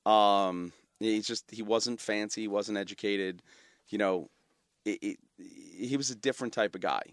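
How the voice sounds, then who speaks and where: A middle-aged man with a New York accent, a company founder telling a heartfelt story in an interview, animated and full of fillers. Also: fairly low pitch, unhurried, vocal fry, no echo, studio quality. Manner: animated, repeats words, many fillers. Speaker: guest, company founder and CEO. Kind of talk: emotional storytelling in conversation.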